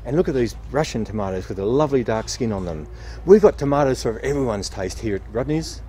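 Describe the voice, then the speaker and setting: A man's voice: medium pitch, lively intonation, fast, warm tone, slight background noise. A nurseryman patiently explaining tomato growing outdoors at his nursery, playing the straight man. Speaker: nurseryman host. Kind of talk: casual gardening demonstration.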